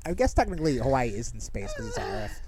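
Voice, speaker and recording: A man's voice: mid-range voice, wildly swooping pitch, quick pace, crowd noise. A man co-hosting a podcast in casual chat, teasing and rambling, often correcting names. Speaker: podcast co-host.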